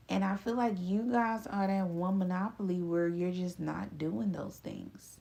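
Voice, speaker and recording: A woman, talking straight to her listeners in a casual, profane motivational monologue, laughing often and swinging between slow drawn-out phrases and quick bursts. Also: lowish voice, creaky, dark tone. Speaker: spiritual reader.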